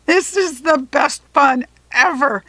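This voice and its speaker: A woman voicing a spiteful male ice villain who sneers, cackles and shouts loudly. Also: fairly low pitch, unhurried, vocal fry, slightly rough, no room sound, voice pushed down, exaggerated voice. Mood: cackling.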